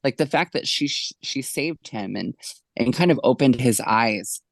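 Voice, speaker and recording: A man's voice: mid-range voice, expressive, moderate pace, vocal fry, dry recording. A man co-hosting a casual podcast chat, telling stories with emotion and animation.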